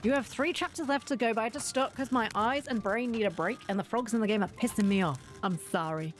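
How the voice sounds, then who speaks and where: A woman's voice: a little high, fast. Laughing woman in her forties telling a story. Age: 40s. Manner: laughing, swearing anecdote teller. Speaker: streamer. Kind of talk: casual storytelling while streaming a game.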